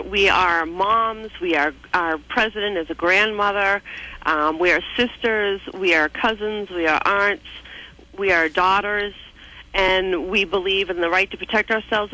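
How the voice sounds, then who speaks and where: A woman's voice: medium pitch, a little slow, pushed and bright. A woman from New calling into a radio show, speaking earnestly and steadily as an advocacy spokeswoman. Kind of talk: phone-in radio interview. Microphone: telephone. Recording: tinny phone line.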